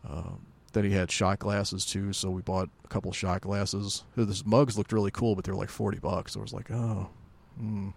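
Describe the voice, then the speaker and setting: A man co-hosting a podcast in casual chat, telling stories in a relaxed way with dry jokes. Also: on the low side, normal speed, vocal fry. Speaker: podcast co-host.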